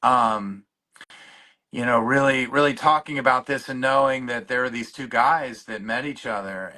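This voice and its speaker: A man, a guest in recovery, telling his story in a halting way with many restarts, choked up and openly emotional. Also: mid-range voice, bright, forceful tone. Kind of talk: personal storytelling in conversation.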